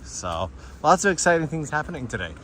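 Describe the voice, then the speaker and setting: A man hosting a live stream as he walks outdoors through city streets at night, telling stories in a chatty, animated way. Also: fairly high pitch, brisk, noisy background. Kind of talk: casual live-stream walking tour.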